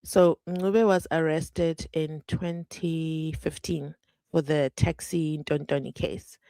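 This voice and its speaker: Woman, livestream host, lower voice, chatty and animated, dry close mic. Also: slow pace, vocal fry, no room sound. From South Africa. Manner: chatty, animated, reads comments aloud. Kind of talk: casual live commentary.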